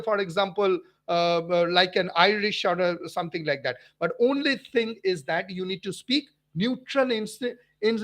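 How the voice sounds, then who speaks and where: A man with an Indian English accent hosts a physics livestream, talking through viewers' questions in a high, light voice. He repeats himself for emphasis and often restarts mid-sentence, with plenty of "uh"s between points. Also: a bit bright. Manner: emphatic and repetitive, with frequent fillers and restarts. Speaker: physics teacher and channel host. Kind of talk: livestream talk answering viewer comments.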